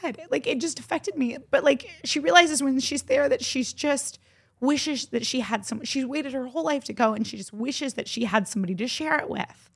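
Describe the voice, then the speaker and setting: A woman's voice: high voice, normal speed, creaky, husky. A woman co-hosting a podcast, chatting casually in a rambling way full of fillers and restarts. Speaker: podcast co-host. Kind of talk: casual chat.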